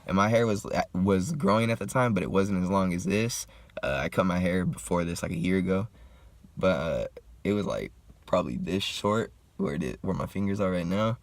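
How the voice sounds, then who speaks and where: A young man telling a story in a laid-back, slangy, profane way while getting high and smoking. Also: moderate pace, dry recording. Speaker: vlogger. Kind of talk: casual storytime.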